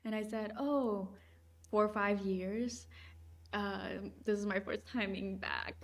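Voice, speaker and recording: A woman's voice: medium pitch, slow. A young woman co-hosting a podcast, chatting casually and acting out the people in her stories. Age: young adult. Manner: animated storyteller acting out quoted people. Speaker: podcast co-host. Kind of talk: casual chat, storytelling.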